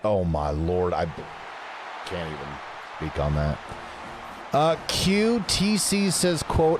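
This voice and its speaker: A man's voice: deep voice, very animated, slow pace, pauses often, background noise. A man chatting casually with his live-stream audience while playing a game, joking and reading chat messages aloud. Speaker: gaming streamer.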